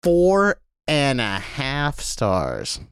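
A man's voice: mid-range voice, huge pitch swings, extremely slow, fairly bright tone, smooth, no echo, studio quality. A man co-hosting a podcast in casual, joking chat. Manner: joking, reads out slang and review scores. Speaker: podcast co-host.

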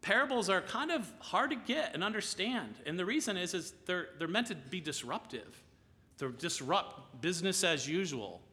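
Male pastor, conversational sermon, bright voice a touch high, long echoing hall. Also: animated, normal speed. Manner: conversational, often asks "right?".

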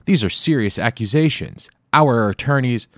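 A man's voice: mid-range voice, lively intonation, moderate pace, a bit bright, no echo, clean studio sound, voice pushed up, natural voice. A man voicing an indignant, scheming male boss who talks in a demanding, blustering, pompous way.

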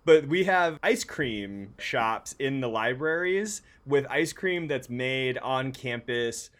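A man chatting casually as a podcast co-host, talkative and quick to laugh, with lots of filler words. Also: mid-range voice, lively intonation, fairly bright tone. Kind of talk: casual chat about music. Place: lives in North Carolina.

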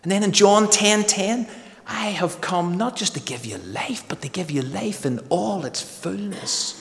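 A man preaching a sermon with emphatic delivery, slowing to drawn-out phrases for stress. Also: sits high, expressive, vocal fry, big-room sound. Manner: emphatic, varied pace with slow dramatic pauses.

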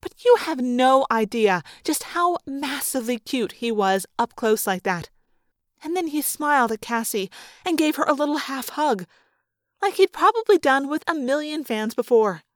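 A woman narrating a first-person audiobook in an expressive, lively way. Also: high-pitched, normal speed, no room sound, studio quality. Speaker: audiobook reader.

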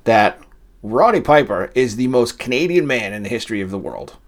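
A man's voice: medium pitch, lively intonation, brisk. Man from Massachusetts, podcast co-host; casual, rambling delivery with restarts. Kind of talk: casual chat.

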